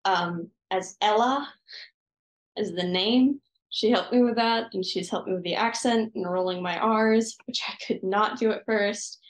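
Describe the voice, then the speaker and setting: A woman's voice: medium pitch, roomy sound, rough recording. A teenage girl in seventh grade, answering interview questions with enthusiastic, gushing bursts over a video call. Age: teenage 7th grader. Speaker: student guest.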